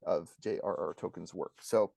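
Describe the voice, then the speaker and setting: A man co-hosting a casual review podcast, ranting with energy and acting out quotes in a higher voice. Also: moderate pace, vocal fry, husky, dry recording. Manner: animated, ranting, acts out quotes in a high voice. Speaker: podcast co-host.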